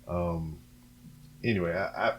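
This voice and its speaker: A man's voice: sits low, measured pace, husky. Rambling, profane male podcast host. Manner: loose, profane and rambling, with many fillers. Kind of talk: casual solo rambling to camera. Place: home recording setup with camera and computer. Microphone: camera and computer setup, a little off-axis at times.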